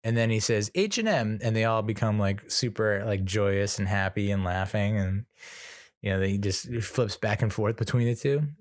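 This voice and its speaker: In a clean studio recording with no room sound, a young podcast host casually reviews a movie on his own. He speaks at normal speed in a lowish, fairly even voice, wandering off track, acting out lines from scenes, and laughing at himself when he trips up.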